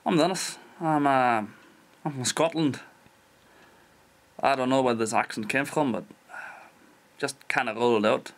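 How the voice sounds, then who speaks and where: A Dutch man doing a rough imitation of a Scottish accent, speaking as a cheerful young man. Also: mid-range voice, measured pace, pauses often, fairly bright tone. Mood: jokey.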